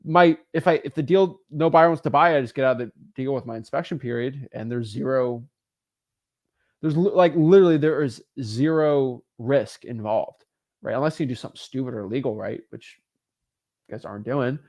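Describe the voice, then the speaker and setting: A man's voice: mid-range voice, brisk, a little mellow. A man coaching real estate wholesalers in a casual livestream, answering viewer comments in an emphatic, motivational way.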